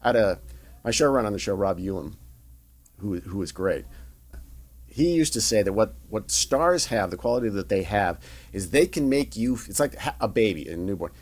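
Middle-aged male guest, lower voice, spins animated showbiz anecdotes. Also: normal speed. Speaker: guest, veteran TV showrunner. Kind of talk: storytelling interview chat.

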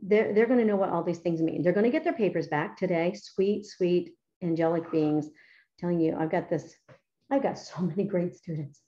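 This writing teacher's voice is lowish and mellow, and she talks a little fast. A middle-aged woman, she describes how she goes about editing student papers, sounding chatty and eager and leaning on many fillers, all captured on a muffled recording.

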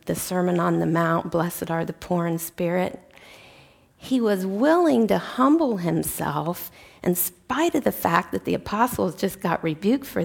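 A woman's voice: medium pitch, vocal fry. A woman giving an informal devotional talk, reading Bible passages aloud and reflecting on them in a conversational way with many fillers. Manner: conversational, reads scripture aloud, frequent fillers. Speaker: Bible teacher.

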